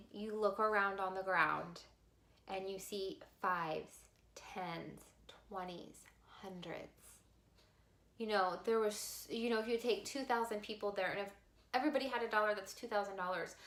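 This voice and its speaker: A woman vlogger telling a personal story to camera in a heartfelt, expressive way. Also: medium pitch, reverberant. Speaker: vlogger sharing a life lesson.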